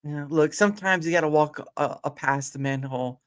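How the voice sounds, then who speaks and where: A man's voice: on the high side, a little fast, background noise. A man chatting as the guest player on a gamebook stream, rambling through asides and laughing often. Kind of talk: casual chat on a gamebook stream.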